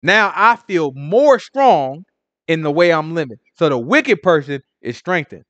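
A fairly high-voiced man delivers a casual Bible teaching, punching lines loud and then dropping to a near mutter. The sound is dry and close, with no room around it. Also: sing-song, a little slow, no room sound, muffled recording. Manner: emphatic, conversational, swings from loud to hushed. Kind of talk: informal sermon commentary.

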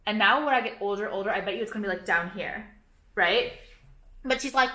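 A woman's voice: mid-range voice, fairly quick, bright, forceful tone, echoey room. A young woman vlogging to camera, rambling and swearing a lot as she vents her irritation. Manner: rambling, profane, irritated, lots of "like". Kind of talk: casual ranting vlog.

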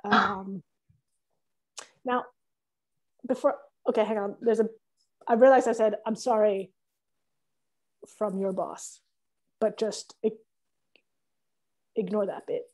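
A woman's voice: medium pitch, fairly even intonation, unhurried, pauses often, mellow. A woman in an improv scene playing a newly promoted boss who earnestly tries to make peace with a coworker. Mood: apologetic. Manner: earnest, placating, reasoning. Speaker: improv performer. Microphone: online call.

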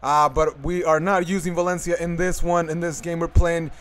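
A man's voice: fairly high pitch, little pitch movement, moderate pace. A young man giving casual commentary over his football video game, rambling with lots of fillers and restarts. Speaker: gaming commentator.

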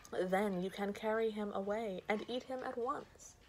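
A woman voicing a scheming village mother in a fairy tale, speaking softly and coaxingly. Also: medium pitch, a little slow, slight background noise, natural voice, poor audio.

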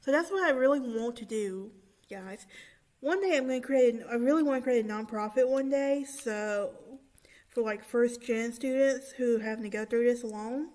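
A young woman in her twenties talking casually and excitedly to her viewers, with many fillers, recording in a church room. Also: a little high, normal speed. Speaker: vlogger. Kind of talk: casual vlog chat.

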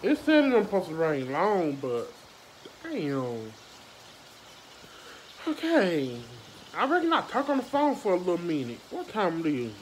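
A woman's voice: fairly low pitch, huge pitch swings, a little slow. A woman chatting casually into her phone for a vlog, blunt and swearing freely. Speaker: vlogger. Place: outdoors in the rain. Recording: loud rain noise around the phone mic.

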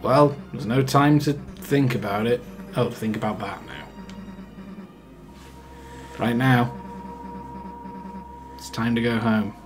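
A man voicing a tough, gruff teenage monster girl, blunt and slangy, in a fan voice-over of a game. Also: mid-range voice, takes it slowly, pauses often, music in the background, natural voice. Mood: thoughtful.

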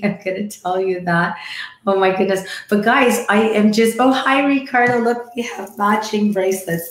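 A woman with a croaky, hoarse voice from croup, chatting casually with viewers on a live stream and greeting them by name. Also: medium pitch, reverberant. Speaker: livestream host. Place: decorated home room.

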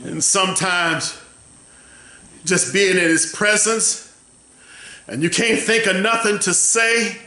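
Male preacher, bright and ringing, slow and deliberate, builds to shouted call-and-response peaks in a reverberant sanctuary. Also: sits high, fairly even intonation. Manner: drawn-out, emphatic phrasing. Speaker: pastor. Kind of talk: sermon. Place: church sanctuary. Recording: echoey church room.

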